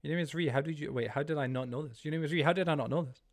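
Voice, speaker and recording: A man's voice: a little high, racing. Chatty male streamer rambling while gaming. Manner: chatty, rambling, easily startled. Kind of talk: casual livestream chat while gaming.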